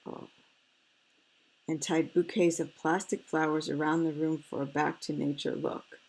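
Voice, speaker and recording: A woman reading a picture book aloud, stopping for gentle, fretful asides. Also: sits low, little pitch movement, measured pace, low-quality recording. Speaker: storyteller.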